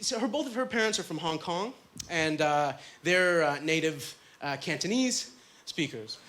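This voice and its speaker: A man performing a stand-up comedy set on a club stage, chatty and self-deprecating, with plenty of filler words and quick asides. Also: sits high, bright, forceful tone.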